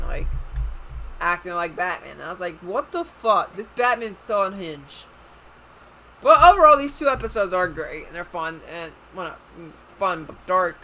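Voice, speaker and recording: Bright-voiced rambling reviewer. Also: medium pitch, slight background noise, rough recording. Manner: rambling, loose and chatty with frequent swearing. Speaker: video reviewer. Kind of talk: casual video review.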